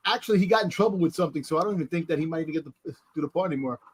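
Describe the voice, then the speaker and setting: A man's voice: on the high side, very fast, slight background noise, low-quality recording. A man hosting a podcast in casual chat, assertive and laughing often.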